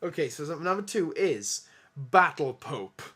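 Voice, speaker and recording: A man's voice: fairly high pitch, sing-song, unhurried, a crowd in the background. A man hosting a casual quiz podcast, reading out odd stories and laughing at the absurd parts. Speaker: quiz host.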